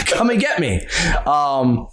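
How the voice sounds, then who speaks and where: Earnest, animated male podcast co-host. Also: a little high, slow. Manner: earnest, animated, laughs often. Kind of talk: casual movie chat.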